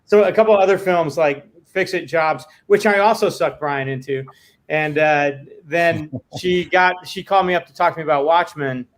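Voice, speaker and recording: A man's voice: on the high side, moderate pace. A man who works as a visual effects supervisor, recounting how he got his jobs in a matter-of-fact, self-deprecating way over a video call. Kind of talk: recounting career in an interview.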